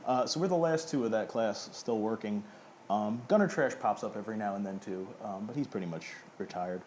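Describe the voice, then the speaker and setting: A man's voice: lowish voice, fairly quick, darkish tone, a little hiss or hum. Self-mocking wrestler man in his thirties. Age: 30s. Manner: self-deprecating, chatty, laughs often. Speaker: indie pro wrestler guest. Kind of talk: casual interview chat.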